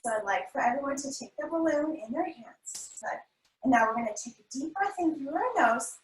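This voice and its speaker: A woman's voice: sits high, lively intonation, brisk, a little hiss or hum. A woman instructor leading a family yoga class, playful and encouraging with sing-song cues. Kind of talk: guided kids' yoga class. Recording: echoey room, voice from a distance.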